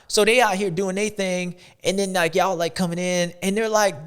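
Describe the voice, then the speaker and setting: A man's voice: high-pitched, fast, hardly any pauses, fairly bright tone, smooth. A man hosting a show, giving playful, slangy, rambling sports commentary. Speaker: show host.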